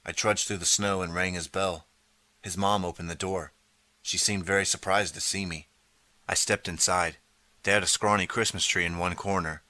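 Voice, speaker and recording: Male audiobook narrator, deep, bright edge, dry close sound. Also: fairly even intonation, normal speed, no echo. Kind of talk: scripted first-person narration.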